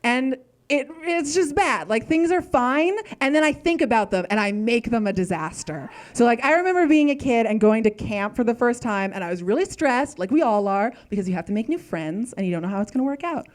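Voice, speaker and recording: A woman's voice: on the high side, lively intonation, a little fast. Self-deprecating woman doing stand-up. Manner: self-deprecating, anxious overthinker. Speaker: stand-up comedian. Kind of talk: stand-up comedy set.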